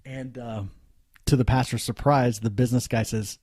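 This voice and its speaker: A man's voice: fairly low pitch, normal speed, pauses often, a little mellow, no room sound, studio quality. A man hosting a podcast, casually retelling a story in a conversational way. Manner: conversational, many fillers and restarts. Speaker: podcast host.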